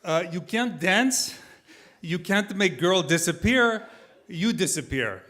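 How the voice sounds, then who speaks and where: Guy putting on a curt russian ballet boss, terse broken english, bright edgy voice. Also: high voice, lively intonation, takes it slowly, exaggerated voice. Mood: dismissive. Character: gruff Russian ballet director, man, curt and stern.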